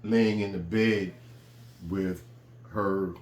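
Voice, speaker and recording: A man casually telling a personal story in a relaxed, conversational way, with frequent fillers. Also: low voice, very slow. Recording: roomy echo with faint ambience.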